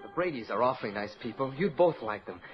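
A man's voice: mid-range voice, lively intonation, quick pace, faint music behind, lightly acted. A man playing a polite, earnest young frontier lad. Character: polite earnest young nephew, teenage boy. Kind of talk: 1940s radio acting. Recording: dull old radio broadcast.

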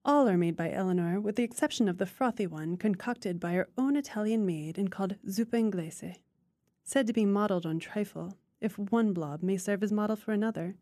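A woman's voice: mid-range voice, fairly quick, dark tone, no room sound, clean studio sound, lightly acted. A woman reading the lines of a formal, opinionated elderly mother who pronounces judgments. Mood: holding forth.

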